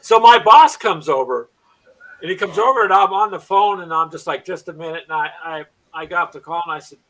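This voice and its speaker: Wry storytelling man with bright voice. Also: high-pitched, brisk, low-quality recording. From Iowa. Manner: wry anecdote teller with deadpan punchlines. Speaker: podcast co-host. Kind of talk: casual chat, storytelling.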